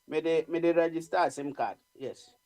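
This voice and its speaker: A man's voice: on the high side, moderate pace. A Ghanaian man with a Ghanaian accent talking easily on a radio chat show, mixing English and Twi. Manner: relaxed, switches between English and Twi.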